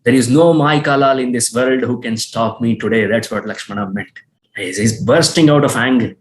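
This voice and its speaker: A man's voice: medium pitch, moderate pace, low-quality recording. A man telling an epic as a lecture, earnest and repeating points for emphasis. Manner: earnest, repetitive emphasis, occasional restarts. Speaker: storyteller and teacher. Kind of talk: explanatory storytelling lecture.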